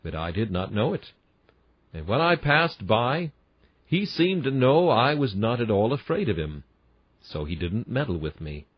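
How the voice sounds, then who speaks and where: A man's voice: mid-range voice, sing-song, unhurried, slightly rough, no room sound, muffled recording. A man reading a classic sermon aloud in an emphatic, earnest preaching cadence. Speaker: sermon reader.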